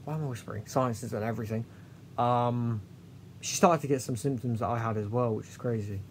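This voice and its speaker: Man, vlogger, talks in halting restarts, confessional, mid pitch, faint low rumble behind. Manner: halting, with many restarts and trailing pauses; earnest and confessional. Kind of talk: candid personal storytelling.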